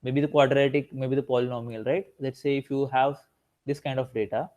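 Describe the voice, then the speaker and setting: A man's voice: medium pitch, steady tone, brisk, a little mellow. A male instructor giving an online revision lecture, asking himself rhetorical questions and tagging lines with "right?".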